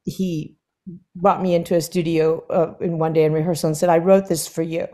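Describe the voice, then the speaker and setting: A woman singer chats as a guest on stage, with a voice sitting a little low for a woman. She tells her stories with animation. She slips into the voices of the people she quotes and laughs along the way. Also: fairly quick. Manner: animated storyteller who acts out quoted dialogue with laughs. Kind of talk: conversational anecdote telling. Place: stage conversation before an audience.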